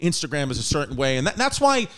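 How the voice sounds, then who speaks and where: A man's voice: a little high, big pitch swings, quick pace, fairly bright tone. A man in his thirties hosting a podcast, chatting loosely with lots of swearing and laughter. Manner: loose, profane, laughing storyteller. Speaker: podcast host. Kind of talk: casual podcast chat.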